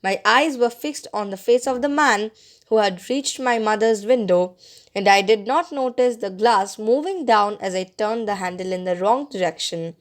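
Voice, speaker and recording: A woman narrating a story as an audiobook reader, expressive and bringing out the dialogue. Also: mid-range voice, moderate pace.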